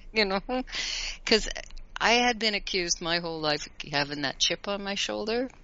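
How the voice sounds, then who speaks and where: A woman and regular guest giving card readings in a casual live-stream chat, gentle and encouraging, laughing easily. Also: medium pitch, animated, a little slow, lo-fi sound.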